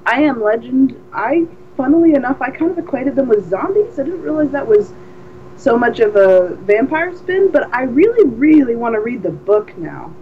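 A woman's voice: high-pitched, moderate pace, a little hiss or hum. A woman co-hosting a podcast in casual chat, telling stories with lots of energy and frequent restarts. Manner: animated storyteller, many restarts. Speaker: podcast co-host. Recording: dull lo-fi recording.

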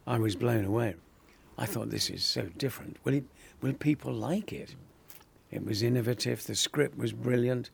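An older actor telling lively anecdotes in an interview, acting out other people's lines and laughing often. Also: male voice, mid-range voice, creaky, a little hiss or hum. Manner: animated storyteller, acts out quoted voices, laughs often. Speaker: actor guest.

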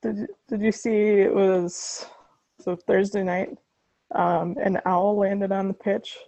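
A woman co-hosting a podcast, recounting things in a relaxed, giggly way. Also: medium pitch, slow, dry recording. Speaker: podcast co-host. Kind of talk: casual chat. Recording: dull, dry lo-fi sound.

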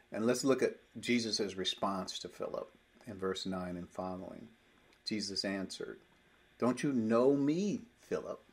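A man teaching a Bible lesson, explaining verses step by step and reading scripture aloud with emphasis. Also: lowish voice.

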